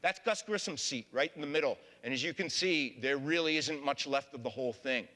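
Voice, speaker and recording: A man's voice: mid-range voice, fairly quick, bright, forceful tone. A man giving a public history talk as a lecturer, folksy, often addressing the audience as folks. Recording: long hall reverb.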